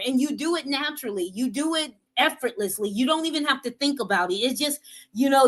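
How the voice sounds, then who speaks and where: High-pitched lady doing a motivational talk, earnest and kinda repetitive. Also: a bit bright, poor audio. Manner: earnest, repetitive, asks "right?" often. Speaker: motivational speaker.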